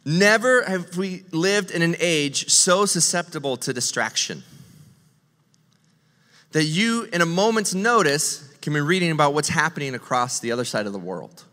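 Bright-voiced pastor in a reverberant hall. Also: male voice, a little high. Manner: animated, joking, acts out quick impressions. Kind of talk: sermon. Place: church stage.

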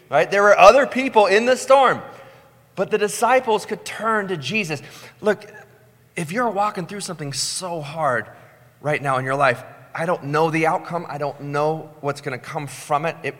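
A man preaching a sermon in a conversational way, with lots of "like" and "right?", sometimes mimicking panicked voices before slowing into calm, soft emphasis. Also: fairly high pitch. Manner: acts out panicked voices, then slows and softens. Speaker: pastor. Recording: long hall reverb with soft guitar music.

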